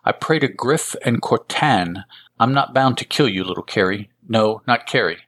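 A man's voice: mid-range voice, expressive, moderate pace, a bit bright. A man voicing an earnest young man from a comic, reading in his own plain voice. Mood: solemn.

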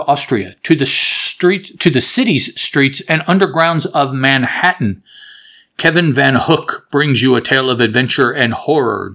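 A man's voice: medium pitch, fairly bright tone. A man giving a casual, rambling recap and review of an old comic book, chatty and amused, often correcting himself.

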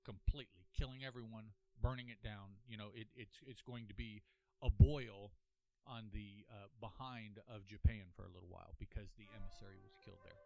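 A man's voice: fairly low pitch, steady tone, fairly quick, vocal fry, warm tone. A man hosting a casual solo comic review, thinking aloud with many restarts and an earnest, apologetic manner. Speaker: podcast host reviewing a comic.

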